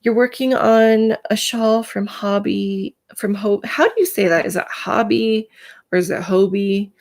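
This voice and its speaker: A woman's voice: medium pitch, moderate pace. A woman hosting a casual live stream, chatting to viewers by name, full of filler words, and in pain today.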